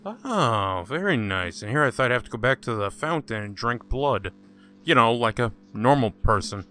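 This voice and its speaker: A man's voice: medium pitch, animated, normal speed, sharp tone, faint music behind. A man hosting a casual gaming let's-play, joking sarcastically and talking back to the game's characters. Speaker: gaming channel host.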